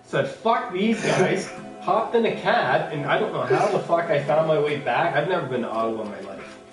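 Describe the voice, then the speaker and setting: A man's voice: on the high side, animated, moderate pace. A middle-aged man with a Canadian accent, chatting casually and profanely while gaming and telling rambling stories. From Ontario, Canada. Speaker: streamer. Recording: roomy, distant mic with game music. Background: video game music.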